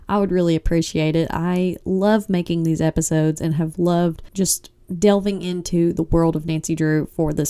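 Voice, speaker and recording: A woman hosting a casual solo book-review podcast, chatty and expressive, often saying "like" and "I mean.". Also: lowish voice, clear, resonant tone. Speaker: podcast host.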